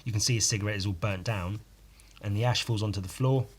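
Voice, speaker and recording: A man with a lowish voice talks on his own in a loose, rambling way, tossing in swear words and jokes at his own expense. His tone is dry and sardonic, in a casual solo-podcast style. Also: fast, slightly rough. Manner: sardonic, rambling, swears freely, self-mocking asides. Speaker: podcast host.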